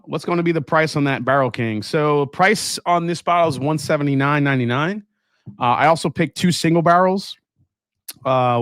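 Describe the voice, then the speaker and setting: A man hosting a casual whiskey livestream, reading viewer comments aloud and chatting in a relaxed, enthusiastic way. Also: medium pitch, dry recording, studio quality. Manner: relaxed, enthusiastic, laughs often. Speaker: whiskey channel host. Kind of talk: casual livestream chat, reading super chats.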